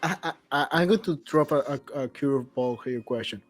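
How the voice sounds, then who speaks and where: A man hosting a podcast interview, enthusiastic and halting, often restarting his sentences. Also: on the high side, faint music behind. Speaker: podcast host.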